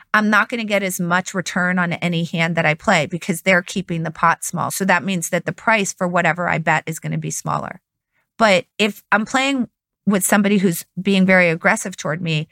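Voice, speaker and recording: A woman's voice: on the low side, vocal fry, fairly bright tone, dry recording, clean studio sound. Analytical woman explaining poker strategy. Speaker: poker expert guest. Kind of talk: explanatory conversation.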